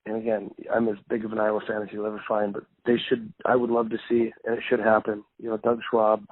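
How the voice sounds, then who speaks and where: A man's voice: on the low side, completely flat delivery, fast talker, no echo. A man from North Dakota talking casually as a podcast guest, rambling with many restarts. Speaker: guest wrestling analyst. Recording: phone-like, dry sound.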